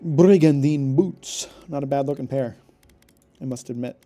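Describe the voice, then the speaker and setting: Joking male streamer with a mellow voice. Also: mid-range voice, little pitch movement, brisk, faint music behind. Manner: joking, rambling, laughs often. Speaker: game streamer. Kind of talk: casual gameplay commentary.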